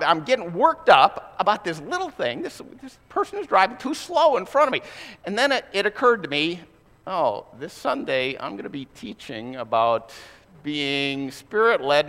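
A man preaching a sermon to his congregation, conversational and lively, asking the room rhetorical questions. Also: on the high side, big-room sound. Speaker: pastor.

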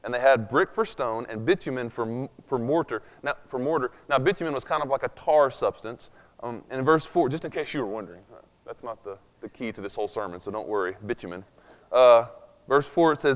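A man's voice: mid-range voice, fairly quick. A man preaching a sermon in a conversational way, with sarcastic asides and frequent fillers, before a room of listeners. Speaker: pastor. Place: church hall with long reverb. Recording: echoey hall recording.

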